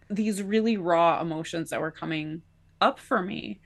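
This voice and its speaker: A woman's voice: lowish voice, moderate pace. A woman co-hosting a podcast, telling a personal story in a casual, chatty way with lots of filler likes. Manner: chatty, many filler likes, laughs between phrases. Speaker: podcast co-host.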